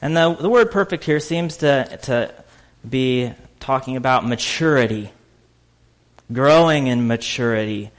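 A man preaching a conversational sermon, full of fillers and restarts, with sudden loud, laughing bursts. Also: medium pitch, unhurried. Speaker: pastor.

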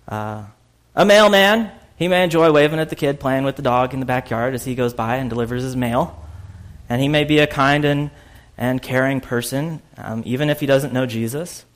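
A man preaching a conversational sermon, full of fillers and restarts, with sudden loud, laughing bursts. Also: medium pitch. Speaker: pastor.

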